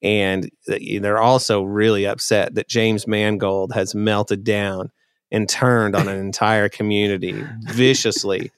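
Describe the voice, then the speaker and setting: Male podcast co-host, lowish voice, sarcastic storyteller, dry close mic. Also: flat delivery, measured pace, smooth, no room sound. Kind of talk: casual chat.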